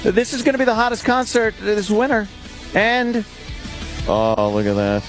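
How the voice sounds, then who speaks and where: A man's voice: sits high, animated, moderate pace. Man, radio host, brash live ad read, light music behind.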